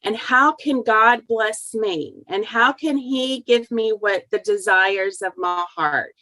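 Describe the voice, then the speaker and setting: A woman's voice: on the high side, slow, pushed and bright, no room sound, low-quality recording. A middle-aged woman telling a personal family story as an interview guest, earnest and heartfelt.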